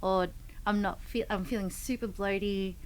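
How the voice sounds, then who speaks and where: A woman's voice: medium pitch, fairly even intonation, normal speed, slight background noise, rough recording. A woman, a fitness coach, telling rambling stories in a casual podcast chat. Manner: rambling storyteller with many fillers and restarts.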